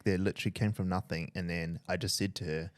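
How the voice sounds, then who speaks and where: A man's voice: low voice, fairly even intonation, fast, smooth, no echo, clean studio sound. A man hosting a casual podcast, laid-back and sarcastic, swearing now and then. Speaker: podcast host, business owner. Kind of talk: casual chat.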